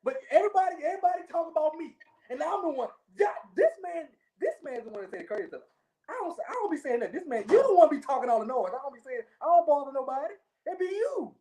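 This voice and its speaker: A woman co-hosting a sports podcast, telling stories in a lively way, laughing often and tagging lines with "okay?". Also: sits high, fast. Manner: animated storyteller, keeps repeating okay, laughs often. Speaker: podcast co-host. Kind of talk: casual sports chat.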